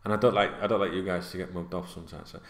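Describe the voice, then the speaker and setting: Bloke rambling at home, swears a lot, lowish voice, echoey room. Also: male voice, steady tone, racing, a bit bright. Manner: chatty, sweary, with many fillers. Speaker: football vlogger. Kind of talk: casual rambling monologue. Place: indoors at home, seated. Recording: roomy echo.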